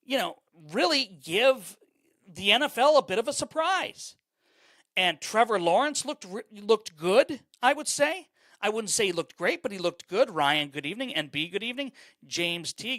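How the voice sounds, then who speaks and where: Sitting high with a fairly bright tone, a man's voice carries a live-streamed sports talk show he hosts. His rambling is loaded with fillers and repeats, and he stops mid-thought to say hello to chat viewers by name, with no room sound.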